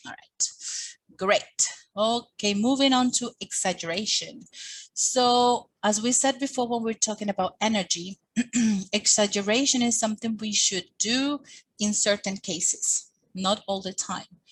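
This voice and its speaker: A woman giving a teacher training talk, speaking with lively, expressive intonation and acting out little quoted exchanges. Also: mid-range voice, measured pace, rough recording. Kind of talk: teaching workshop presentation.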